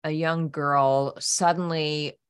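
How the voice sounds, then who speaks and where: Older New York mom, low voice. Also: female voice, steady tone, slow, smooth. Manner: hesitant, gentle questioning with fillers. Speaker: podcast co-host, mother. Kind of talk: conversational interview.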